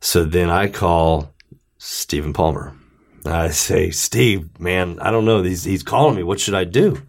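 A man with a very deep voice tells a story in loose, casual conversation. He rambles and acts out both sides of each exchange he recounts. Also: unhurried, vocal fry. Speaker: former client telling his story.

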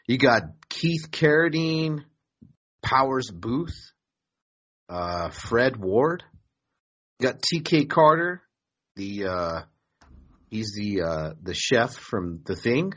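A man's voice: mid-range voice, lively intonation, slow, pauses often, a bit bright, lo-fi sound. A man hosting a podcast in a casual, profane, joking way, rambling between topics. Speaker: podcast host.

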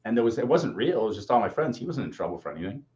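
A man co-hosting a casual show, telling a story in an animated way, swearing and acting out quotes. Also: mid-range voice, racing. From Boston area. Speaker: co-host. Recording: dull lo-fi audio.

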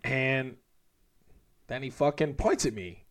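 A man's voice: medium pitch, takes it slowly. A man in casual chat telling a story loosely, full of fillers like "like".

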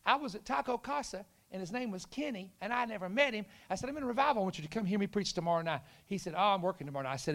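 A middle-aged man delivers a storytelling sermon in a high voice. He acts out the people he quotes, rising into sudden shouts on the punchlines. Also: lively intonation, very fast, few pauses. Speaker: preacher.

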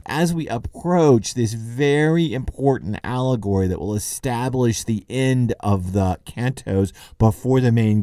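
A man's voice: medium pitch, warm tone, dry recording, studio quality. A man hosting a podcast, giving a conversational literary lecture, thinking aloud with occasional chuckles. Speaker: podcast host and lecturer on Dante.

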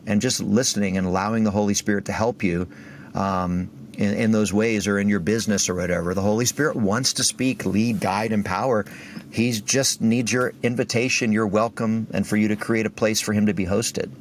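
A man sharing a faith story as a podcast guest, animated and acting out the voices of the people in it. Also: on the low side, normal speed, slight background noise. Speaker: guest speaker.

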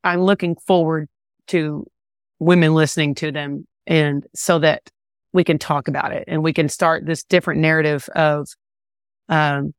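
A woman singer-songwriter talking casually in an interview, relaxed and rambling with many fillers and restarts. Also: deep voice, moderate pace, clear, resonant tone, no echo, clean studio sound. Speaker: country singer-songwriter guest.

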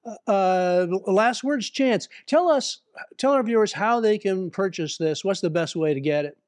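A man's voice: high-pitched, a little slow, darkish tone, no echo, clean studio sound. A man hosting a live talk show, under the weather and coughing, joking and rambling with fillers. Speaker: host.

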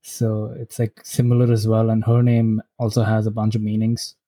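Dark-voiced Indian man, earnest guest. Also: lowish voice, completely flat delivery, moderate pace. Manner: earnest, explanatory, frequent "like" and "so". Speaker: podcast guest. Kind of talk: casual interview answers.

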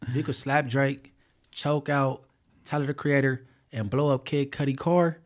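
A man's voice: medium pitch, flat delivery, moderate pace, a little hiss or hum. A man hosting a podcast in casual banter, slangy and playfully argumentative, often cutting in. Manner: slangy, interrupts and argues playfully. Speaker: podcast host.

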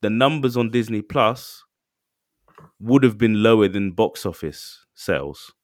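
Casual podcast co-host, low and lively, dry close sound. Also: male voice, measured pace, no echo. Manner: animated, excitable, acts out quotes. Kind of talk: casual chat.

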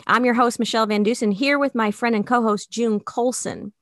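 A woman in her forties from the Chicago suburbs, hosting a podcast in an easygoing chat and quick to laugh. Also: a little high, fairly even intonation, dry recording, studio quality. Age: 40s. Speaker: podcast host. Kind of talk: casual chat.

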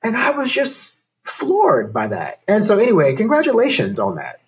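A male talk-show host conducts a casual interview, acting out quotes and laughing easily. His voice ranges widely in pitch and has a husky edge. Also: wildly swooping pitch, normal speed.

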